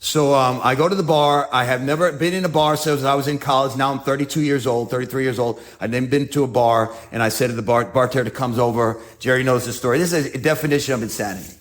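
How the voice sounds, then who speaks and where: A man's voice: mid-range voice, fairly even intonation, fast talker, few pauses. A man with a New York accent telling his story as a speaker at a recovery meeting, acting out scenes with self-mocking humor.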